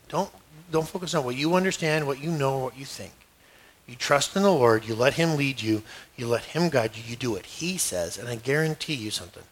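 A man's voice: fairly high pitch, fairly bright tone. A male pastor preaching in a conversational, joking way, acting out scenes as he teaches. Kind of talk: sermon.

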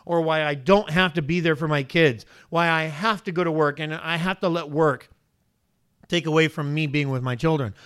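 A man's voice: a little high, fairly bright tone, smooth. A male pastor preaching a sermon, asking the congregation question after question. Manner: preaching with many rhetorical questions.

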